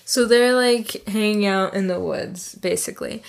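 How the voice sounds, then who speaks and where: A woman's voice: mid-range voice, measured pace, creaky. A woman in casual chat, retelling a film's plot in a loose, jokey, profane way. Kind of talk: casual chat recapping a film.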